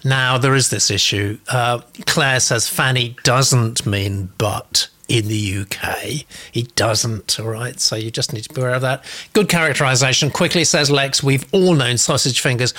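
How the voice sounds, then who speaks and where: A man's voice: medium pitch, moderate pace, sharp tone. Chatty man hosting. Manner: chatty, reads out comments with asides. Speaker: host. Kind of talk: live-stream feedback reading.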